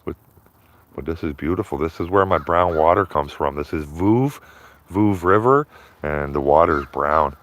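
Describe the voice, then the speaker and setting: Deep-voiced man rambling on a riverside stream. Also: moderate pace, fairly bright tone. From Canada. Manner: rambling, repeats himself, tags phrases with "man". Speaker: livestreaming auditor. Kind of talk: casual outdoor livestream chat. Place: outdoors by a river.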